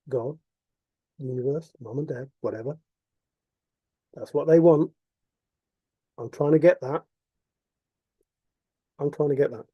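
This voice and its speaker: A man's voice: a little high, breathy edge, no echo, muffled recording. A man delivering an impassioned, repetitive monologue full of rhetorical questions. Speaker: vlogger.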